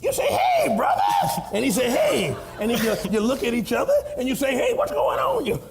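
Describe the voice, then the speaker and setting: A man playing an excitable old grandfather who has attended church for decades, rambling through examples in a church comedy skit. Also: quick pace, gravelly, background noise, exaggerated voice. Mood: folksy. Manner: drawling, rambling, bursts into high squeals.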